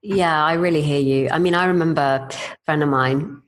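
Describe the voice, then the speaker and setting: A woman's voice: low voice, normal speed. A woman hosting a podcast, answering her guest with empathy and her own reflective stories. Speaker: podcast host. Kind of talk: casual conversation.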